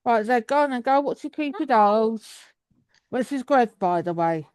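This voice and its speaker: A chatty woman, talking over a video call. Her voice sits a little high, and she rambles on with many restarts. The sound is dry and close. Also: animated, measured pace, a little mellow, clear, resonant tone, no echo. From England. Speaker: guest. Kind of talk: casual video call chat.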